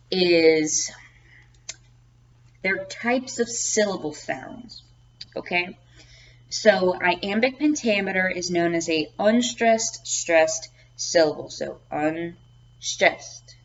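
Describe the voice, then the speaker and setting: Lower-pitched woman teaching a lecture. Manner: repeats words, frequent ums, checks with "okay?". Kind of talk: classroom lecture. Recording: dull lo-fi recording with faint background noise.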